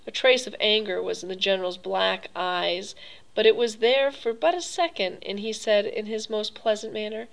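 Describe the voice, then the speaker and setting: A woman narrating a story in a measured, even manner. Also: mid-range voice, creaky, rough recording. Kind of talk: audiobook reading.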